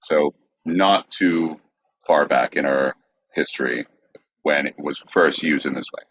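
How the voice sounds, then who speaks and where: Very deep-voiced man reading notes. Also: a bit bright. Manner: halting reading with fillers. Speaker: host. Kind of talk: reading history in casual chat. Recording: dull lo-fi sound.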